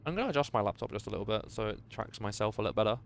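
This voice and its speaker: A man chats casually while he plays, with a lively, self-mocking tone. There is a faint hiss behind his voice. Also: lowish voice, racing, creaky. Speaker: streamer. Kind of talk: casual game commentary.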